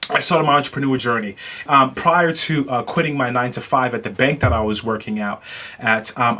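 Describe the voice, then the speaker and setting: American guy doing a solo podcast, bright sharp voice, mid pitch, lots of uh and um. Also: breathy edge. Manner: halting, frequent filler pauses. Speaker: podcast host. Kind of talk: casual solo podcast monologue.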